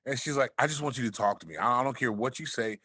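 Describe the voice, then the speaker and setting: A man with a deep, smooth voice, chatting as a podcast guest and telling a laid-back story, swearing freely. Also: quick pace, sharp tone, no echo, clean studio sound. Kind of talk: casual chat.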